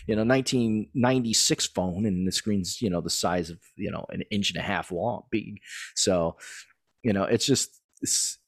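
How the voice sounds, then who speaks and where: A man's voice: mid-range voice, husky, no room sound, clean studio sound. A man chatting casually on a podcast, telling stories with lots of swearing and laughter. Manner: animated storytelling, laughs often, swears. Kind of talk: casual chat.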